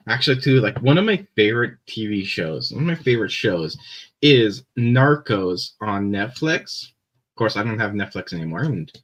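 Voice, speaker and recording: A young Canadian man with a Canadian accent chatting casually on a live stream, rambling with many fillers and pauses. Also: on the low side, sing-song, fairly bright tone, rough recording.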